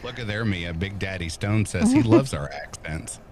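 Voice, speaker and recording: Lively joking man. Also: deep voice, moderate pace, crowd noise. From Kentucky, USA. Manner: animated, joking, swears casually. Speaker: podcast guest. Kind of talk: casual chat on a live stream.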